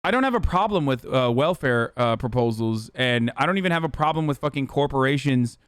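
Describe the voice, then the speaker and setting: A man's voice: mid-range voice, animated, fairly quick, smooth, dry recording, studio quality. A man streaming live, answering chat in a sarcastic, profane, mocking way. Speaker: streamer reacting to chat and clips. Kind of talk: casual live-stream commentary.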